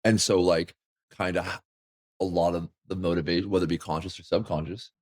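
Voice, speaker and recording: A man's voice: steady tone, a little fast. A man co-hosting a casual podcast chat, rambling with lots of fillers and casual swearing. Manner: rambling, filler-heavy, acts out quotes in sudden high voices. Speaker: podcast co-host.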